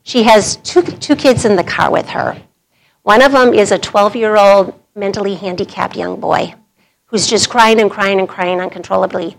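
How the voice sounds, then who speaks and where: A woman's voice: mid-range voice, gravelly, rough recording. A middle-aged woman, speaking to a women's group in a sermon and telling a personal story conversationally, laughing through the anecdotes.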